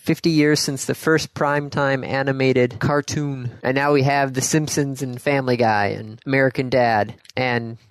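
A man's voice: medium pitch, fairly even intonation, moderate pace, few pauses, dry recording, low-quality recording. A man co-hosting a casual podcast, rambling loosely and reading news items aloud. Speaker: podcast co-host. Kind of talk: casual chat.

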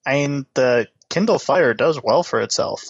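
A man co-hosting a podcast in casual chat, deadpan and tired-sounding. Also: mid-range voice, normal speed, breathy edge, no echo, highs cut off. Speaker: podcast co-host.

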